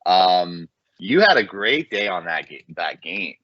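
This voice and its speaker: A man's voice: deep voice, big pitch swings, measured pace, no echo. A man co-hosting a casual sports betting podcast, chatty and self-deprecating. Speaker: podcast co-host. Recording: muffled lo-fi podcast mic.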